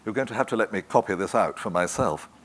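A man reading an audiobook, voicing a dry, teasing older brother with an unhurried, amused manner. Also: on the low side, lively intonation, slight background noise, close to an everyday voice. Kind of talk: audiobook character voice.

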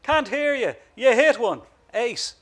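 A man's voice: extremely high pitch, expressive, takes it slowly, a bit bright, pitched above the performer's own voice, heavily acted. A man reading aloud, voicing a cocky, crude young lad with a Dublin accent. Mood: flippant. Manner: crude, sarcastic, slangy.

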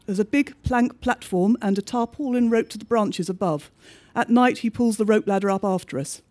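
High-voiced man reading a bleak diary. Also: darkish tone. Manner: measured, understated diary reading. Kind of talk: scripted narration of a diary story.

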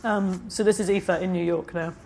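A woman's voice: fairly low pitch, fairly even intonation, moderate pace, darkish tone, a little hiss or hum. A woman novelist reading from her book at a live event, with chatty, hesitant asides between passages and a slight frog in her throat. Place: festival stage.

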